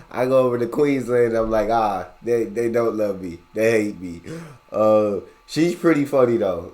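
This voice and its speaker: A man's voice: medium pitch, a little mellow. Laid-back man reacting to comedy. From United States. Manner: laid-back, laughing, talks straight to viewers. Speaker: reaction video host. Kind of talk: casual reaction commentary.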